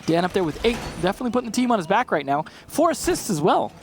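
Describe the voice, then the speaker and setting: A man with a slightly high voice talks through a tactical shooter match as color commentator, chatty and analytical, chuckling now and then. A faint hiss of noise sits under his voice. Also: very animated, very fast. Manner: chatty, analytical, laughs easily. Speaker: esports caster.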